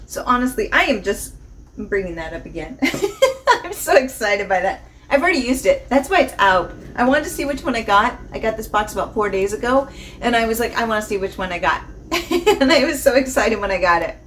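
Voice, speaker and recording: A woman's voice: on the high side, animated, brisk, fairly bright tone, slight background noise. A woman vlogger chatting casually through a box opening, bubbly and gushing, often laughing and repeating herself. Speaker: unboxing vlogger. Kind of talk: casual chat.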